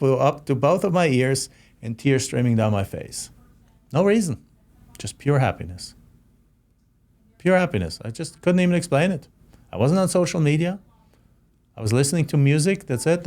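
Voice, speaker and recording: A middle-aged man with a German accent, hosting his own show and talking through a personal story in a heartfelt, halting way with many restarts. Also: on the high side, darkish tone. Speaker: host. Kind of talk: reflective solo monologue.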